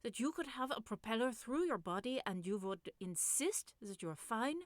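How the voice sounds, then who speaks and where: A woman's voice: a little high, animated, normal speed, dry recording, pitched above the performer's own voice, close to an everyday voice. A woman voicing a dry, wry woman translating from behind a curtain.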